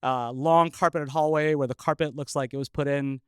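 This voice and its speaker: Chuckling man telling a story, smooth voice. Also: a little high, steady tone, normal speed, dry recording. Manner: chuckling, with frequent filler uhs. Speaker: storyteller, scientist. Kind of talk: live personal storytelling.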